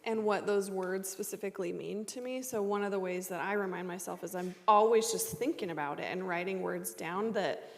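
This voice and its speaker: A woman's voice: medium pitch, fairly quick. A woman coach on a panel, telling stories and acting out her own inner thoughts. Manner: animated, storytelling, acts out her own thoughts. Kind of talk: panel discussion. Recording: reverberant hall.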